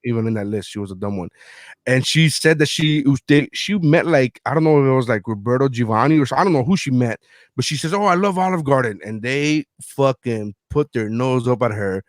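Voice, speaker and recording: A man's voice: medium pitch, a little fast, no room sound, studio quality. A middle-aged man hosting a podcast, telling stories in casual chat and acting out his own lines, swearing freely. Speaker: podcast host.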